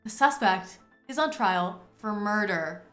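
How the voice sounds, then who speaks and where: A woman's voice: mid-range voice, lively intonation. A woman streaming a courtroom game, playfully judging suspects with theatrical outbursts. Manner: theatrical, quick swings into loud exclamations. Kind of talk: playful gaming commentary. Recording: roomy echo with faint music.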